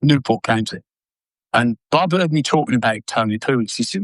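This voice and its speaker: An older former footballer telling blunt, sweary stories in an interview. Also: male voice, mid-range voice, fairly quick, dry recording, poor audio. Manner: blunt, sweary, animated anecdotes. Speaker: former footballer and manager, guest. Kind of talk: casual storytelling interview.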